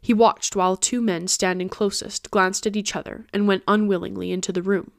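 A woman podcast host narrating a classic novel in a steady audiobook reading. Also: medium pitch, a little fast, creaky, no room sound, studio quality.

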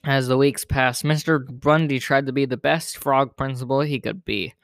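A man reading a children's picture book aloud in plain, steady narration. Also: mid-range voice, normal speed, no room sound, studio quality. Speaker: storyteller.

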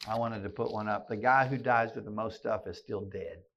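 A man's voice: fairly low pitch, steady tone, normal speed, over a noisy crowd. A man giving a sermon-style keynote to a gathering of men, emphatic and folksy, often repeating his phrases. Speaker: speaker at a men's gathering. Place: live talk to an audience. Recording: slightly dull lo-fi recording.

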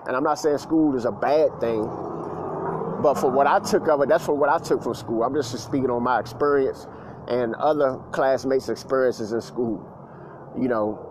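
A man's voice: medium pitch, moderate pace, noisy background. A grown man telling stories in a casual monologue, with loose slangy talk full of fillers and repeats. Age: adult, past school age.

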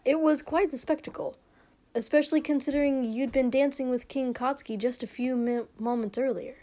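A woman voicing a formal, polite young male attendant who speaks briskly and a little too cheerfully. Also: high voice, fairly even intonation, dark tone, lightly acted. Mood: teasing.

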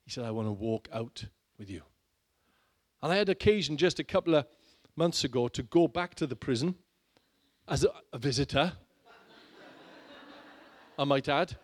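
A middle-aged man preaching a sermon, dramatic and shifting between loud urging and hushed low lines. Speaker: pastor.

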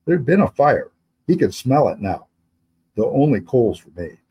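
A man, the author, reading his historical fantasy novel aloud in steady, measured narration. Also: medium pitch, slightly rough, dull audio.

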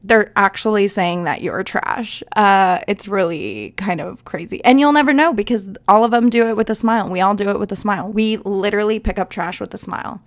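A woman's voice: mid-range voice, brisk, few pauses. A young woman, a flight attendant hosting her own podcast, telling stories in a casual, chatty monologue and laughing as she acts out passengers.

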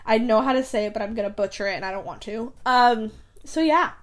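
A woman's voice: fairly high pitch, brisk. Rambling young woman, chatty podcast host. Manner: rambling, filler-heavy, giggly, self-correcting. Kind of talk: casual solo podcast chat. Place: her bedroom, at home.

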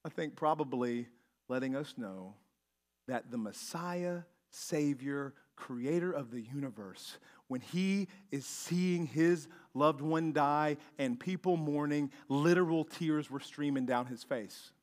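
Impassioned high-voiced pastor preaching. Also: male voice, takes it slowly. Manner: swings from hushed reading to loud, impassioned preaching; reads scripture aloud between comments. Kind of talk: sermon.

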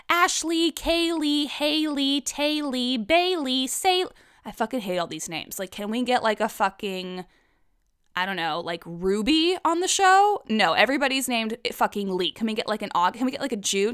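A woman's voice: on the high side, expressive, moderate pace, a bit bright, smooth. Profane, ranting woman podcaster. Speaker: podcast host. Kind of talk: casual solo podcast rant.

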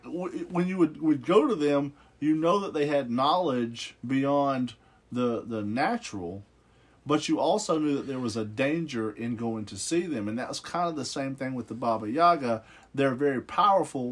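A man's voice: mid-range voice, normal speed, breathy edge. A man in casual podcast chat, joking and rambling with many fillers.

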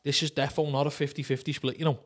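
A young man in casual chat, teasing his friend and cutting in with quick remarks. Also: mid-range voice, little pitch movement, fairly bright tone. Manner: teasing, jumps in with quick interjections.

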